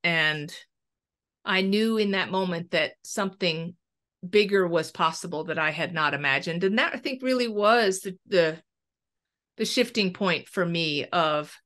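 A woman's voice: fairly low pitch, lively intonation, measured pace, fairly bright tone. A middle-aged woman, a medium and researcher, telling a personal story in an interview and acting out the dialogue as she goes.

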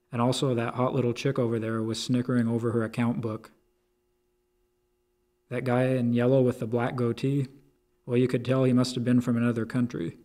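Guy reading a crude slangy story, flat deadpan, mellow low tone. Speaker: narrator.

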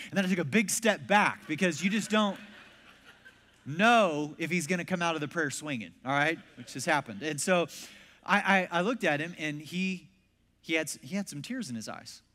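Animated male pastor in a reverberant hall. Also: fairly high pitch, moderate pace. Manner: animated, acts out quoted voices. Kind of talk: storytelling sermon. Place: large church hall.

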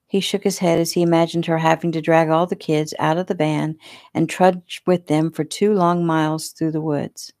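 A woman author reading her own novel aloud in a relaxed, homey way. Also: low voice, normal speed, no room sound, studio quality. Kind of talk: casual audiobook narration.

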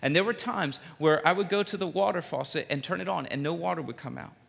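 A man from the Philadelphia area preaching a sermon, telling personal stories in an animated way with quick jokes and repeated words. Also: a little high, vocal fry. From Philadelphia area, USA. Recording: reverberant hall.

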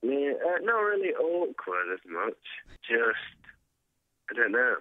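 A man's voice: medium pitch, big pitch swings, takes it slowly, no room sound, phone-quality sound. A young man being interviewed as a guest musician, answering in an easygoing, hesitant way with many fillers. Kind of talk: casual interview.

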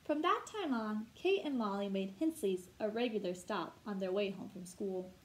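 A woman teacher reading a picture book aloud to children, telling it expressively and pausing to ask them questions. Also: medium pitch, poor audio.

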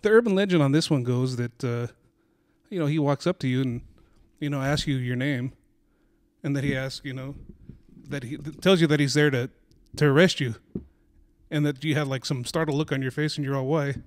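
A man hosts a podcast and asks his questions in a relaxed, easygoing way, often restarting his sentences. His voice is mid-pitched, and the sound is dry and close with no room echo. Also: fairly quick, long pauses. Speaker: podcast host. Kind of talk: casual interview.

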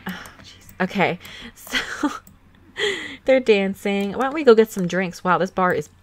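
A young woman hosts a let's play, casually commenting on a life-sim game in a chatty, giggly way full of fillers. She speaks at a measured pace in a mid-range voice into a desktop USB microphone, with soft background music playing.

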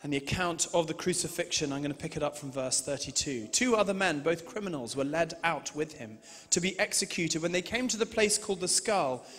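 A man preaching a sermon and reading scripture, moving between loud emphasis and hushed, slow passages. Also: a little high, lively intonation. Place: large church hall. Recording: reverberant hall sound.

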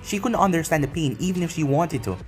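A man narrating a fan-fiction story aloud in a steady, plain reading delivery. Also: a little high, fast.

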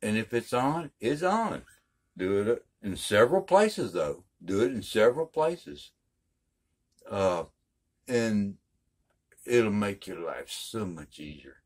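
A man's voice: lowish voice, very animated, slow pace, husky. An older man giving a casual guitar lesson in a folksy, emphatic way, repeating his points. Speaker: guitar teacher.

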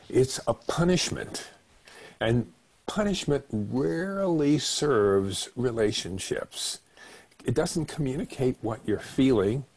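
Husky-voiced older man, slow reflective talk. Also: mid-range voice, darkish tone. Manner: slow, reflective, acts out short quoted exchanges. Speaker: doctor giving a meditation talk. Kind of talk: calm webinar talk on relationships. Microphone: webinar microphone.

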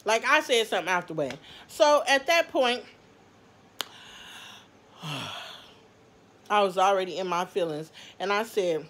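A woman vlogger telling a story to her viewers, animated and laughing as she talks. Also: medium pitch, a little slow, pauses often. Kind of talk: storytime vlog.

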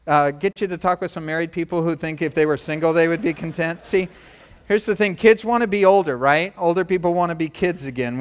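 High-voiced animated preaching man. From United States. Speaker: pastor. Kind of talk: sermon.

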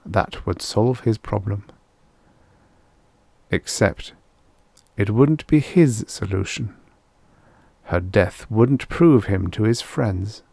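A man narrating a vintage science fiction short story at a measured pace. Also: lowish voice, expressive, gravelly, a little mellow, dry recording. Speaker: audiobook narrator.

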